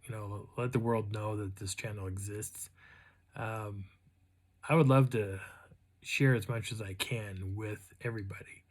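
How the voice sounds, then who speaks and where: Man, low husky voice, channel host, casual storytelling, rambling, lots of restarts and fillers. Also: fairly even intonation, a little slow.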